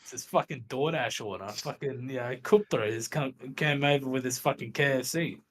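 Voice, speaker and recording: A man's voice: medium pitch, moderate pace. A man streaming a casual reaction chat, rambling and laughing often.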